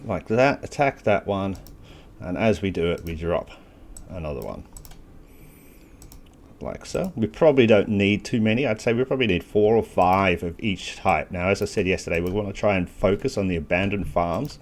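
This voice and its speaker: Male gaming host, lowish voice, casual walkthrough narration, self-mocking, has the hiccups. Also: expressive, moderate pace. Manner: casual, thinking aloud with self-deprecating asides. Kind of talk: gameplay walkthrough commentary.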